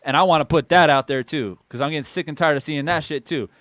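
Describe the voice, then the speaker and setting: A man's voice: a little high, fast talker, fairly bright tone, no echo. A man hosting a boxing channel, delivering a heated opinion monologue and repeating phrases for emphasis.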